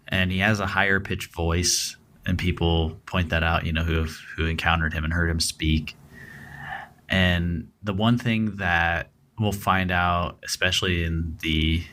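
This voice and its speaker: A man's voice: deep voice, pushed and bright. A man co-hosting a true-crime podcast, talking casually and rambling with lots of fillers and restarts. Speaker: podcast co-host.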